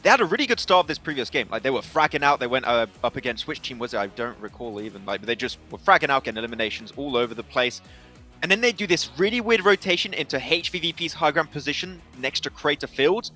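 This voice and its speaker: A man analysing matches on an esports desk in a quick, excitable way. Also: medium pitch, soft background music. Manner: rapid, excitable, restarts often.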